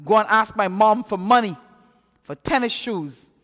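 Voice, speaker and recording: High, animated preacher in an echoey hall. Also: male voice, a little slow. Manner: animated, repeats words often. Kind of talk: sermon.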